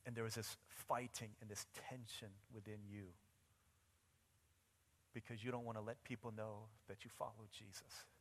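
A man pastor delivering a sermon with vivid, dramatic storytelling. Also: lowish voice. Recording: long reverb in a large hall.

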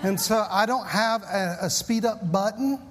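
A man's voice: sits high, measured pace, in a large hall. A man in his fifties with a Southern US accent, a pastor opening a sermon with folksy, self-deprecating stories. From Southern United States. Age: 50s.

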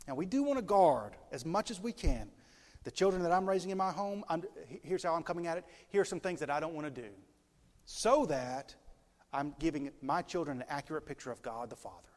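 A male pastor preaching a sermon in a lively way, putting questions to his congregation. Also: a little high, a little fast. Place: church sanctuary. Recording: long hall reverb from a church.

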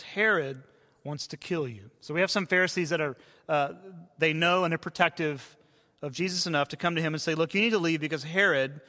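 A man who is a pastor, preaching a sermon in a conversational way and dropping to hushed tones for quoted voices. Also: on the high side. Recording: long hall reverb.

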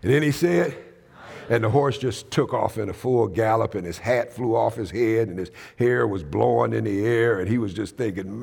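Gravelly Pentecostal preacher in a reverberant hall. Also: male voice, on the low side, a little mellow. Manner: storytelling, drawn-out emphatic phrasing. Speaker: pastor. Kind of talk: Pentecostal sermon with call-and-response.

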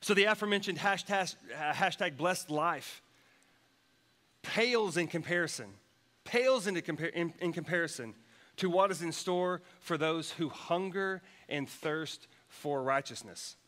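A man's voice: a little high, unhurried, pushed and bright. A man preaching a sermon, telling a personal story with many restarts and repeated words. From United States. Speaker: pastor.

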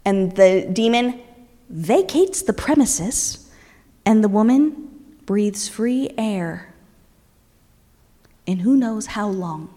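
A woman preacher retelling a story in a lively sermon, voicing its characters along the way. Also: medium pitch, takes it slowly, pauses often, big-room sound.

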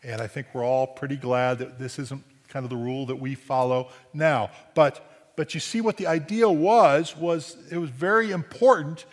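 A man's voice: mid-range voice, moderate pace, big-room sound. A man preaching a sermon in a conversational way, often asking "right?" and restarting phrases, with dry humor. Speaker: pastor.

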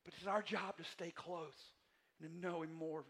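High, bright-voiced man preaching. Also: fairly even intonation, normal speed, vocal fry. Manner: repetitive, emphatic preaching with swings between soft and loud passages. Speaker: pastor. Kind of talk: sermon. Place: church sanctuary.

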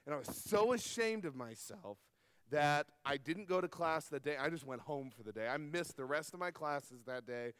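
High-voiced preacher with hall reverb. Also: male voice, lively intonation, moderate pace, fairly bright tone, clear, resonant tone. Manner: earnest storytelling, asks the audience questions. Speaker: pastor. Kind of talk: sermon. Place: camp meeting hall.

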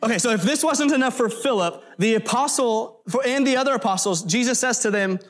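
A man's voice: extremely high pitch, brisk, a bit bright. A man preaching a sermon in an earnest, emphatic way, stressing lists of words and breaking off for brief asides. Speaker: pastor.

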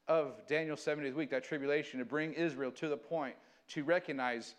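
Male pastor, slightly high voice, earnest sermon delivery with dramatic scripture readings. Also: steady tone, a little fast, hardly any pauses.

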